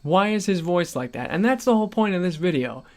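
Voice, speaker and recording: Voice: mid-range voice, lively intonation, fairly quick, a little mellow. A gaming vlogger ranting at home in disbelief, swearing often and breaking into laughter, recorded on a USB condenser mic without a pop filter. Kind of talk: home commentary rant.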